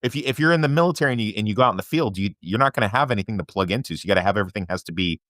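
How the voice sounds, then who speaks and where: A man's voice: lowish voice, lively intonation, racing, fairly bright tone, dry recording. Man from the midwest, casual chat, wry jokes, dry sound. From American Midwest.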